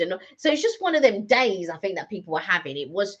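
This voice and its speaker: A woman's voice: mid-range voice, sing-song, fast, hardly any pauses, husky. A middle-aged woman co-hosting a vlog, chatting casually and rambling with lots of fillers and restarts. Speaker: vlog co-host. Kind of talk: casual chat. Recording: slightly dull lo-fi audio.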